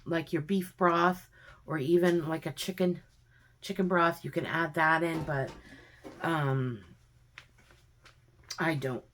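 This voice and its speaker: A woman with a low voice talks slowly through a casual cooking demonstration at home. Her manner is chatty and homey, explaining each step with many fillers. A faint noise sits behind her voice. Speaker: home cook vlogger. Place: home kitchen.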